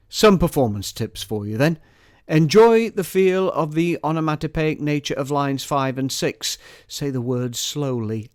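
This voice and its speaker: A man's voice: medium pitch, no room sound, clean studio sound. A man reading his own poem aloud, with mock-formal, provocative commentary around it. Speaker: poet. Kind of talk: spoken-word poetry reading with commentary.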